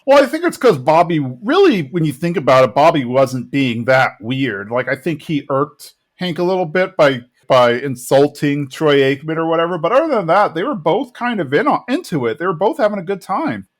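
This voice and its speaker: A man co-hosting a podcast, casually retelling a cartoon episode in a chatty, rambling way, with fillers and quick quoted lines. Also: a little high, very animated. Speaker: podcast co-host.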